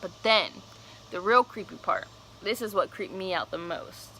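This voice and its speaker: A woman's voice: mid-range voice, normal speed, pushed and bright, slight background noise, poor audio. A young woman telling a personal story on her vlog, casual, candid and cursing freely. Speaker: vlogger.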